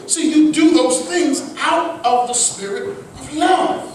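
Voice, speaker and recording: A man preaching a sermon as minister, shifting between loud emphatic lines and soft asides, with a crowd answering back. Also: very high voice, takes it slowly, few pauses, slight background noise. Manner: preaching with sudden shouts and hushed asides. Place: large mosque hall. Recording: echoey hall, mic at a distance. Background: responsive crowd.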